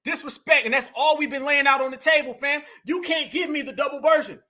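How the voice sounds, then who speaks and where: This commentary host's voice is extremely high-pitched, pushed, and bright, and he talks a little fast. His heated monologue is emphatic and full of repeated lines, and he keeps calling his listeners family.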